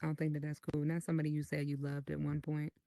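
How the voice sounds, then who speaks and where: A woman in her thirties, a podcast guest in casual chat, telling stories in an animated, profane way. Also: sits low, racing, dry recording.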